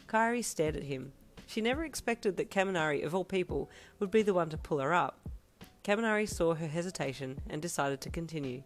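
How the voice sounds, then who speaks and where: Low-voiced woman reading fan fiction. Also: fairly quick, faint music behind. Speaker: reader.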